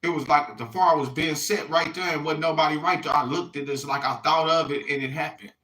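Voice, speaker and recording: Bright-voiced man rambling to viewers. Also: fairly high pitch, fairly even intonation, fairly quick, poor audio. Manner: rambling, repeats "you hear me", swears freely. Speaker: vlogger. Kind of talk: casual rambling monologue to viewers.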